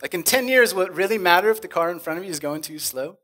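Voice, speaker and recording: A man on a conference stage performing spoken-word poetry, rhythmic and dramatic, swinging from loud bursts to hushed lines. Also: high-pitched, animated, fast. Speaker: conference speaker.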